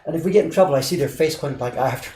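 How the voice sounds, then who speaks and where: A man telling stories in a casual chat, animated and full of fillers. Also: fairly high pitch, very fast. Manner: animated storytelling, lots of fillers. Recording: echoey room with background noise.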